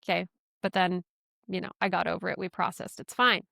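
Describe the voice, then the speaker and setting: A woman's voice: lowish voice, little pitch movement, a little fast, gravelly, sharp tone, no room sound, clean studio sound. A woman hosting a podcast, telling a personal story in a chatty, self-deprecating way and laughing often. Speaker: podcast host.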